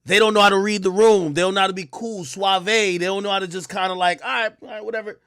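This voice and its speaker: A man's voice: high-pitched, level tone, quick pace, fairly bright tone, clear, resonant tone, dry recording, studio quality. A man giving casual commentary as a reaction host, explaining his take in a loose, conversational way with frequent fillers. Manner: casual, explanatory, repeats "you know" and "like".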